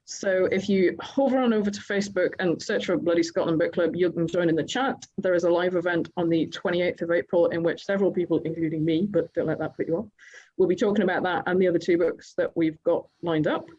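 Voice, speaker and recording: A woman's voice: fairly low pitch, fairly even intonation, fast, a little mellow. Light-toned woman host, dull lo-fi audio. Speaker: moderator. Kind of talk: hosting an online festival chat.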